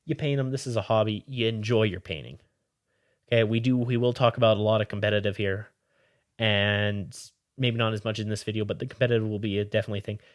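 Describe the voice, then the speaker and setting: A man's voice: on the low side, fairly even intonation, fast talker, no echo, clean studio sound. A man hosting a hobby podcast, chatting casually and reassuringly, rambling with frequent restarts. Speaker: podcast host. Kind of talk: casual chat.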